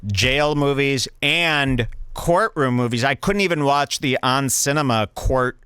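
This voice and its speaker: A man's voice: medium pitch, a little slow, sharp tone, smooth, no echo, studio quality. A man hosting a podcast, rambling through opinionated, emphatic casual chat. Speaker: podcast host. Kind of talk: casual chat, movie review.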